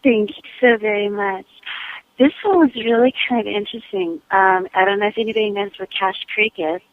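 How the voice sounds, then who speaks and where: A woman calling in to a radio show, telling a story slowly with hesitant fillers. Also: mid-range voice. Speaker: caller. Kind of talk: phone-in storytelling. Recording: tinny phone line.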